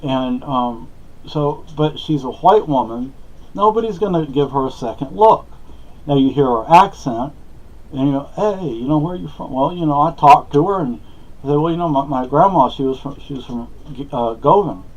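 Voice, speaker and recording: A man's voice: a little high, expressive, normal speed. Rambling man with dull lo-fi sound. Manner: rambling, hesitant, many fillers and restarts. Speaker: vlogger. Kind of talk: casual rambling monologue.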